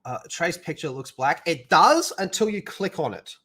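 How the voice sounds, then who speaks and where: A man hosts a live stream, reading out the chat and greeting viewers one by one. He jokes crudely and breaks into loud bursts. His voice sits a little high and sounds bright and forceful. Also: animated, moderate pace, slightly rough. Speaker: livestream host.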